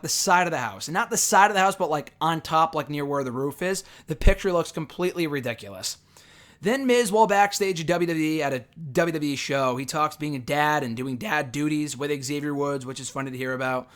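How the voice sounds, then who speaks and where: A man's voice: a little high, fairly bright tone. A young man casually recapping a reality show episode, rambling with frequent fillers and self-corrections. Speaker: show reviewer.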